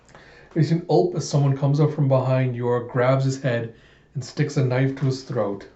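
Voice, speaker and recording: A man reads a comic aloud in a casual, animated storytelling manner. His voice is dark and mellow, and the recording sounds dull and lo-fi in an echoey room. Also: mid-range voice, moderate pace. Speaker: comic readthrough host.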